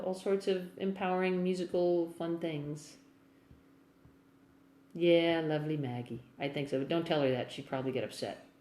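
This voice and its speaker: This woman's voice is lowish and dark in tone. An American musician with an accent leaning partly English, she rambles in casual chat with viewers on a phone livestream, recorded in an echoey room of a house in the United States.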